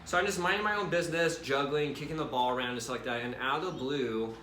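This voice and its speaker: A young man shares a personal testimony in a casual, lively way, talking straight to his viewers. His voice is bright and clear, at a middle pitch. The sound carries a noticeable room echo. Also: quick pace, a little hiss or hum. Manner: casual and animated, addresses viewers directly with "right?" and "you guys". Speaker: Christian vlogger.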